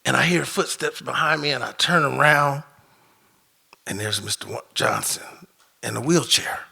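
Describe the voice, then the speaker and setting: A man telling a personal story live on stage into a microphone, animated, swinging from loud outbursts to hushed moments. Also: mid-range voice, moderate pace, vocal fry, slightly rough. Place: stage before an audience.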